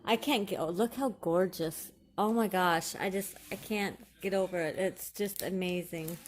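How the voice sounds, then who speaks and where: A woman, chatting excitedly to viewers while unboxing craft supplies. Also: on the low side, normal speed, slight background noise. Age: 40s. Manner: gushing, excitable, talks to viewers. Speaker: crafting vlogger. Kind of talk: casual unboxing commentary.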